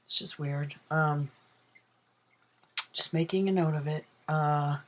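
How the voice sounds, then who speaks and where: A man's voice: a little high, steady tone, slow, poor audio. A transgender man chatting in a casual video diary from his apartment, rambling with many ums and self-corrections. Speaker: vlogger. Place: own apartment.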